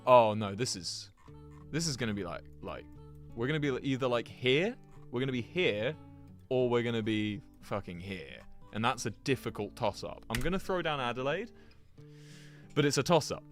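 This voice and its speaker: Chatty streamer, lively voice. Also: male voice, mid-range voice, moderate pace, soft background music. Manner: chatty and rambling, talks to chat, laughs often. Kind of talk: casual livestream commentary while playing a geography game.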